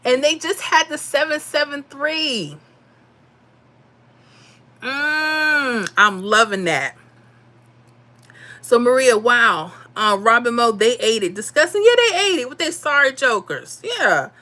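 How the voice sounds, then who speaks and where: A woman's voice: sits high, expressive, takes it slowly, long pauses, pushed and bright. A woman hosting a casual livestream, chatting animatedly and reading out viewer comments and lottery numbers. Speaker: livestream host.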